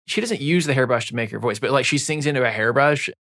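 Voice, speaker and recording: A podcast co-host chatting casually about a novel, relaxed and laughing, with lots of fillers. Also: mid-range voice, fast, dry recording. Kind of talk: casual book discussion.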